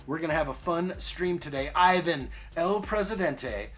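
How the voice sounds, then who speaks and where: A man's voice: fairly high pitch, normal speed, a bit bright, faint music behind. A man hosting a casual live stream, greeting viewers by name in an upbeat way while unboxing and building.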